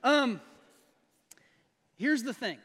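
A man preaching a sermon, animated and laughing often as he acts out quotes. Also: extremely high pitch, extremely slow, breathy edge. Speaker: pastor. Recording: long hall reverb.

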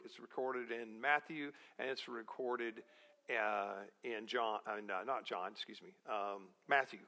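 A man preaching a sermon as pastor, slow and deliberate, posing rhetorical questions to the congregation. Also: medium pitch, a bit bright.

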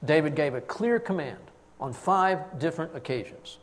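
A man preaching a sermon, telling the story with emphatic swings in loudness. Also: on the high side, animated, normal speed.

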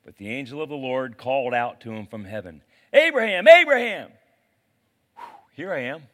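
A man preaching a sermon as a pastor, in a casual, animated way with slang. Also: medium pitch, a little fast.

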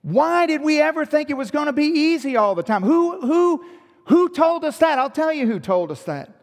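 High-voiced preacher in a reverberant hall. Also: male voice, normal speed. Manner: animated, rhetorical questions, joking asides. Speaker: pastor. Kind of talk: sermon.

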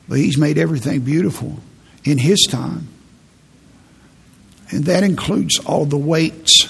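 Male pastor, middle-aged, earnest storyteller, husky and a bit high, reverberant sanctuary. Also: measured pace, pauses often, a bit bright. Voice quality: gravelly, husky. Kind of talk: sermon. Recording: long reverb in a large hall.

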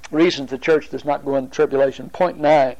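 A man teaching a Bible study, explaining at a deliberate pace with pauses and restarts. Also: a little high, fairly even intonation, darkish tone, poor audio.

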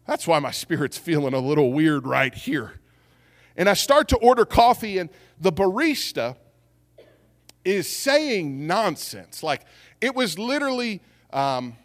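Animated man preaching in a reverberant hall. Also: sits high. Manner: animated storytelling, acts out voices. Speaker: pastor. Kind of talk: sermon. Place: church sanctuary. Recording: long reverb of a church hall.

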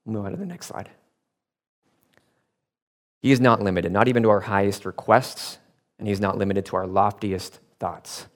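Male preacher, lowish voice, reads scripture then swells to emphatic points, relaxed when telling stories. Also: moderate pace, pauses often. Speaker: pastor. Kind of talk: sermon.

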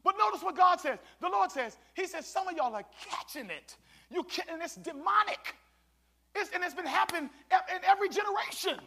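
High, bright-voiced preaching pastor. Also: male voice, expressive, brisk, creaky. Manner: preaching with call-and-response, swinging between shouts and hushed tones. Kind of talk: sermon.

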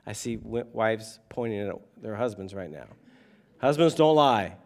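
A man preaching a sermon, animated and conversational, with humor and asides to the congregation. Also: fairly low pitch, slow pace. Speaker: pastor.

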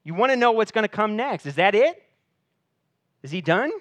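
Big pitch swings define this male pastor's earnest sermon at normal speed, as he surges in pitch and force for emphasis and then drops low. He often repeats words on restarting, in a dry recording.

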